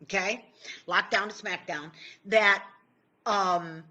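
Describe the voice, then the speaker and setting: A middle-aged woman from Indiana coaching viewers through a casual livestream from home. Her voice is bright and forward, and she chats, jokes and breaks off her own sentences. It sounds like a phone or webcam picking her up indoors. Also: mid-range voice, steady tone, slow pace. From Indiana, USA. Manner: chatty, joking, self-interrupting. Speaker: tapping and law of attraction coach.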